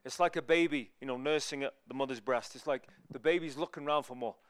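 A man giving a sermon as a guest preacher, telling lively stories and acting out the people in them. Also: mid-range voice, fast talker, smooth, no echo, studio quality. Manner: animated, acts out people in his stories. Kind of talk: storytelling sermon.

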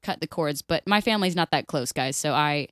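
A woman's voice: low voice, brisk, a bit bright, no echo, studio quality. A woman co-hosting a casual podcast, reading a story aloud and cutting in with blunt, sweary comments. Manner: blunt, sweary, laughs often. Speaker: podcast co-host.

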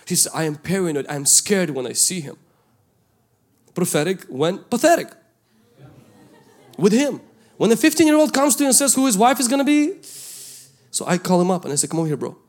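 A male pastor, preaching a sermon and telling a story from his youth, swinging between loud calls and hushed asides. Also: sits high, lively intonation, brisk. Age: 20s at the time of the story, now older.

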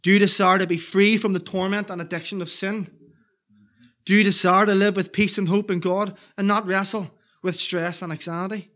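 A man's voice: high-pitched, flat delivery, normal speed, fairly bright tone, highs cut off. A man preaching an evangelistic sermon in a church, earnestly pleading with repeated questions.

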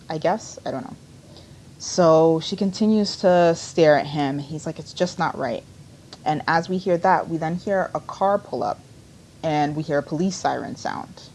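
A woman's voice: sits low, darkish tone, a little hiss or hum. A woman co-hosting a podcast, casually recapping a TV episode in a rambling, conversational way with lots of fillers.

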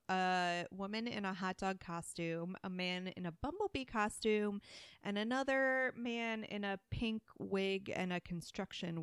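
Smooth-voiced woman co-hosting a chat. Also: mid-range voice, no echo, clean studio sound. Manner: animated storytelling, laughs often. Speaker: podcast co-host. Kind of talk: casual chat.

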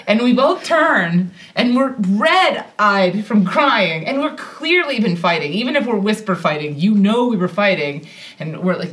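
An American woman casually telling a personal story on a podcast, animated and self-deprecating, laughing often as she talks. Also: medium pitch, normal speed. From United States.

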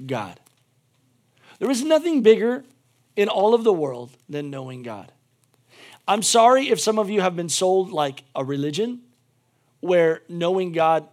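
Man, pastor, sermon, high voice, fervent to hushed, repeats lines. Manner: swings from shouted fervor to quiet intimate appeals; repeats phrases for emphasis.

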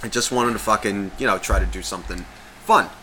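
A man hosting a loose podcast in a somewhat low, bright voice. His stories wander, and he swears constantly as he talks. Faint noise hums in the background. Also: brisk. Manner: profane, loose and rambling. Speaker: podcast co-host. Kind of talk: casual podcast chat.

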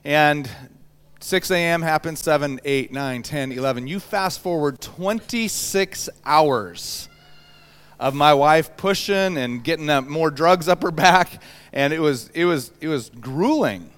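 A man in his thirties preaching a sermon, telling a personal story with lively acted-out voices. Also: on the high side, measured pace, smooth. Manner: animated storyteller, acts out voices. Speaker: pastor.

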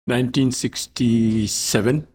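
Older Indian man, husky, softly wry. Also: mid-range voice, fairly even intonation, unhurried. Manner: anecdotal, wry, trailing off softly. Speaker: interview guest. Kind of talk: storytelling in conversation.

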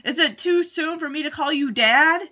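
A woman's voice: high-pitched, moderate pace, pushed and bright, muffled recording. A woman voicing a scheming teenage boy who fawns over a girl's father. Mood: fawning. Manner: fawning, overeager.

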